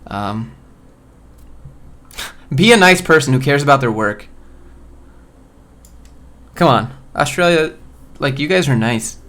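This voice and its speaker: A man's voice: medium pitch, expressive, slow, pauses often, fairly bright tone. Guy streaming live, reading job posts and cracking blunt jokes about them, regular mid voice. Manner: blunt, joking, reads listings aloud and riffs on them. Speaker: streamer reviewing job postings. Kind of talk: casual live-stream commentary.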